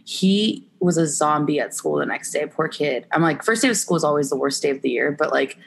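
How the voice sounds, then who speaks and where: A young woman, an Olympic softball player, chatting candidly as a podcast guest with lots of laughter and filler words. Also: low voice, lively intonation, brisk, gravelly, a little hiss or hum. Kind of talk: casual podcast chat.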